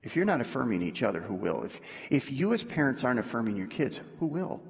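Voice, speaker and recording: A man preaching a sermon in a conversational way, dropping low and soft to make his points. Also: very animated, fast talker, creaky. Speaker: pastor. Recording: echoey hall.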